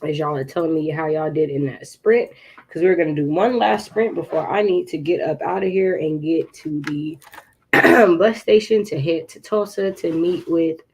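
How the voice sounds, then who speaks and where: A woman's voice: low-pitched, moderate pace, a little mellow. Chatty woman hosting a writing livestream. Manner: chatty and encouraging, reads viewer comments aloud; occasional throat clearing and coughs. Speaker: livestream host. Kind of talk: casual livestream chat with viewers.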